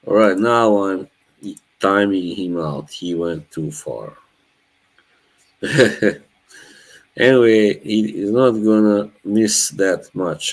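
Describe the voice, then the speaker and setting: Slow, deep-voiced streamer. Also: male voice, rough recording. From Bosnia. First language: Norwegian. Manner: laid-back, laughs often, chats to viewers. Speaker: live streamer. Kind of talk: casual chat with live chat.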